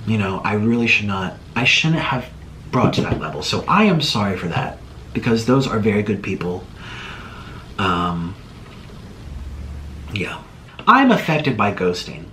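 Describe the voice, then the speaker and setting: A man's voice: fairly low pitch, big pitch swings, unhurried, long pauses, a bit bright, slight background noise. A man talking through a casual, emotional, rambling apology as an online video creator.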